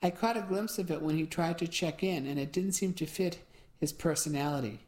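A relaxed young handyman who answers questions plainly and matter-of-factly, as a woman narrator puts him on. She gives him her low voice. It comes from a storybook reading. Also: fairly quick, lightly acted.

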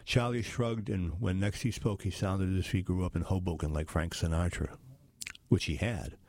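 A man narrating a novel aloud in a measured way, announcing each quote and end quote. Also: low-pitched, fairly even intonation, a little mellow, dry recording.

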